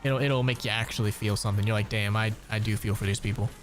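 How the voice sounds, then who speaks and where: A man's voice: fairly low pitch, steady tone, quick pace. A man in his twenties, a gaming streamer, chatting casually during gameplay, rambling and swearing a lot with frequent laughs. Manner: rambling, profane, laughs often. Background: background music.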